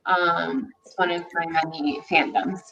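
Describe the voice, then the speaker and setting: A woman hosting a casual group chat, chatty and self-deprecating with quick asides. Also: fairly low pitch, steady tone, vocal fry, a bit bright. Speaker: podcast host. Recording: distant, dull lo-fi mic.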